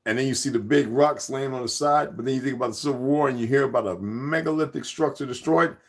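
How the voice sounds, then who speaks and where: This channel host, fast-talking with a mid-range voice, chats loosely and rambles to the audience he calls "y'all" in a casual vlog.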